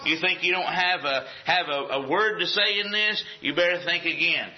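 A man's voice: on the high side, normal speed, hardly any pauses. A man preaching a sermon with an emphatic, repetitive cadence. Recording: echoey, dull lo-fi room sound.

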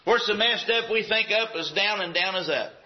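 A man's voice: sits high, normal speed. A man preaching a sermon in a church, emphatic and repetitive, firing off rhetorical questions. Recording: echoey, dull lo-fi sound.

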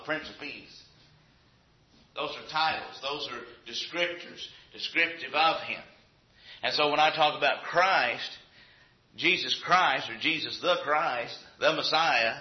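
A man leads a Bible lesson in a classroom, speaking in a relaxed, conversational way and quizzing the students. He keeps checking that they follow along. The recording is dull and lo-fi, with a roomy echo around the voice. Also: medium pitch. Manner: conversational, checks in with frequent "Okay?"; poses questions to the class. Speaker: Bible teacher. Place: classroom with a chalkboard.

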